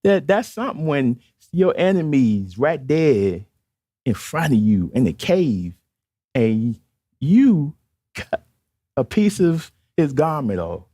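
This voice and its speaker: A man's voice: a little high, very animated, slow, mellow, no room sound, studio quality. A man preaching a sermon in an emphatic, conversational way, repeatedly calling out to the congregation, with a Baltimore accent.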